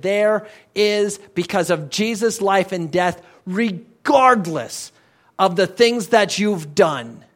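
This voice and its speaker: A man's voice: sits high, fairly bright tone. A male pastor preaching a sermon in a church, conversational and emphatic, often repeating words for stress.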